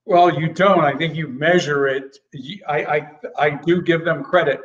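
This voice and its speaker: A man joining a sports talk show as a guest analyst, rambling with halting restarts. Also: fairly high pitch, fairly even intonation. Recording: distant dull remote audio.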